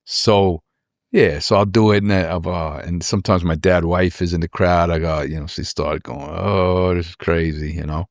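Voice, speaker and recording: A man's voice: low-pitched, fairly even intonation, normal speed, dry recording, studio quality. A man in his forties, a rapper guest telling rambling personal stories in a casual interview, repeating words and acting out what people said.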